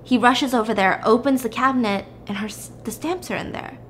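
A woman's voice: on the high side, a little fast, slight background noise. Chatty young woman telling a story. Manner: chatty, animated, lots of "like". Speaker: podcast host. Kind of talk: casual story recap.

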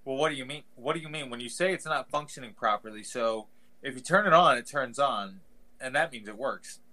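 A man's voice: mid-range voice, fairly quick, bright, forceful tone. A man co-hosting a podcast, talking casually with lots of "like" and playing up mock quotes. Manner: rambling, heavy use of "like", exaggerated mock quotes. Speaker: podcast co-host. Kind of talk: casual chat.

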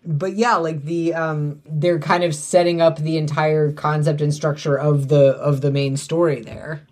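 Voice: medium pitch, little pitch movement, unhurried, darkish tone. Analytical speaker in a casual movie chat. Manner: fluent, analytical, explains plot structure.

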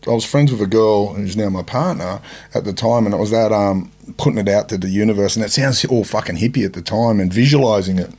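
A man's voice: on the low side, fast, few pauses, a little mellow, slightly rough. A man hosting a podcast interview in casual chat, stumbling and restarting often and swearing casually. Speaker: podcast host.

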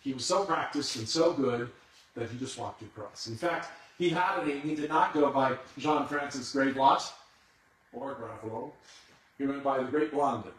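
A man's voice: mid-range voice, moderate pace, fairly bright tone. A man preaching a sermon as a dramatic storyteller who builds suspense. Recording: echoey hall, far from the mic.

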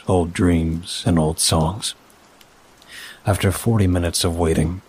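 Man, very deep voice, husky, measured first-person narration.

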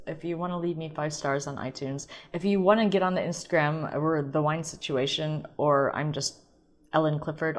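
A woman from St. Louis hosting a podcast on her own, talking in a casual, playful way with self-mocking asides. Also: low voice. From St. Louis, USA. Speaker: wine podcast host. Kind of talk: casual solo podcast monologue.

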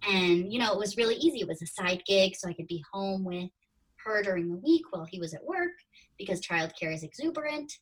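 Husky-voiced woman telling her story. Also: medium pitch, lively intonation, fairly quick. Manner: chatty, acts out her own past thoughts in quotes. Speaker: podcast guest. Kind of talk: casual interview storytelling. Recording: distant from the mic.

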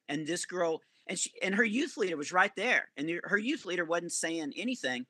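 A male comedian telling rambling, animated stories as a podcast guest. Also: high-pitched, moderate pace, hardly any pauses, husky, dry recording. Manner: animated, rambling anecdotes with self-corrections. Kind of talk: storytelling podcast interview.

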